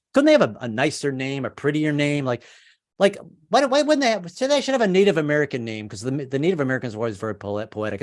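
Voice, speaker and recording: A man in his fifties doing a stand-up comedy set, stammering and self-deprecating, with sudden high put-on voices for other people.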